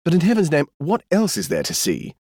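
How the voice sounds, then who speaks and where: A man's voice: on the high side, wildly swooping pitch, fairly quick, a little mellow, slightly rough, no echo, voice pushed up, full character voice. A man voicing a weary fifty-five-year-old diplomat in an audiobook, speaking dryly and patiently. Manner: dry, patient, protesting. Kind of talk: audiobook character voice.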